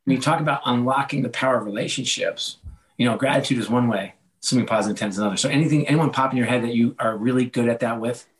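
Animated storytelling man in an interview. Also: mid-range voice, racing. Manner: animated storyteller, acts out quoted dialogue with a laugh. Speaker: podcast guest, author and former sports executive. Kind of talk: casual interview chat.

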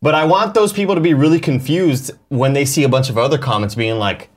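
A man's voice: mid-range voice, a little fast. A man co-hosting a casual talk show, bantering and laughing often. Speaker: co-host. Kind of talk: casual chat.

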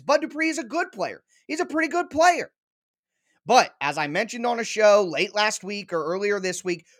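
A man's voice: high-pitched, a bit bright. A man hosting a sports talk show, making his case emphatically with repeated punchy lines and everyday analogies. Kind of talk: opinionated sports commentary.

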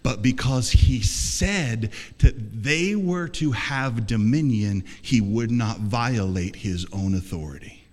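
A man's voice: mid-range voice, takes it slowly, hardly any pauses, darkish tone. A man preaching an emphatic sermon as pastor, calling for responses from the congregation. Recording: long reverb of a large hall.

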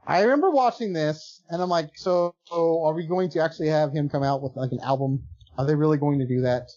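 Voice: medium pitch, brisk, a little mellow, dull audio. A podcast co-host in casual chat, making dry, wry remarks.

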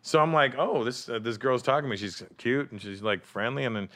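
A man's voice: mid-range voice, a little fast, pushed and bright. A male comedian telling road stories in a casual podcast chat, swearing and acting out the people in them. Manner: swearing storyteller, acts out voices.

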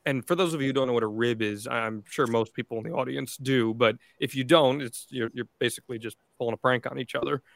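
A man's voice: medium pitch, fairly even intonation, fast talker, vocal fry, few pauses, no room sound. A man co-hosting a podcast, setting up long questions for his guest in a casual, conversational way. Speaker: podcast co-host, interviewer. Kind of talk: casual interview.

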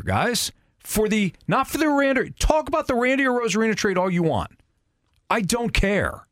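A man's voice: high-pitched, big pitch swings, normal speed, fairly bright tone, no echo, studio quality. A man hosting a sports talk show, arguing his points emphatically and repeating them for stress. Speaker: sports radio host.

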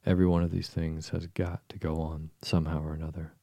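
A man with a very deep voice, reading the lines of a fretful, boastful twin brother in a bedtime storybook. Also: little pitch movement, fast talker, warm tone, no echo, studio quality. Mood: fussy. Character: fussy boastful chubby boy twin.

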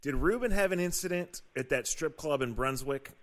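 A man's voice: fairly high pitch, animated, moderate pace. Easygoing male sports-radio host. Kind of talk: casual sports talk.

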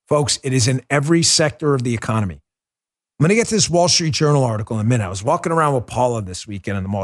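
A man hosting a political talk show, delivering a sarcastic, mocking monologue with big swings in tone. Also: mid-range voice. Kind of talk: opinionated monologue.

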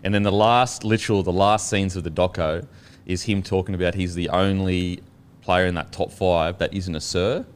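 A man's voice: low voice, fairly even intonation, normal speed. An Australian man co-hosting a podcast, chatting casually, rambling and swearing as he tells stories. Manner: swearing, laughing, rambling storyteller. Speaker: podcast co-host. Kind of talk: casual banter.

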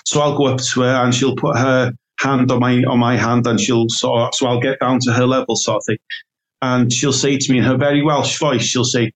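A man's voice: medium pitch, level tone, a little fast, poor audio. A man, a self-employed decorator, chatting casually on a podcast and telling stories with lots of fillers and restarts. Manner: chatty, warm storytelling with many fillers and restarts.

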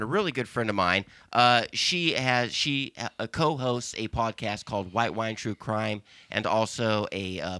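A man's voice: on the low side, pushed and bright, no echo. A man hosting a podcast, laughing often and reading out listener questions in casual chat. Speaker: podcast host.

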